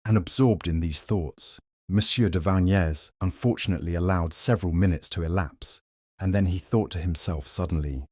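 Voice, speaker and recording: Male narrator, very low voice, dry close sound, measured reading of a classic tale. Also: darkish tone, dry recording. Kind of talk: reading a classic short story aloud.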